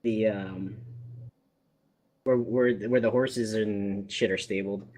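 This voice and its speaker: A man's voice: fairly low pitch, fairly even intonation, slow pace, a little mellow. A man playing in a tabletop game, chatting casually and joking, often restarting his sentences. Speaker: player.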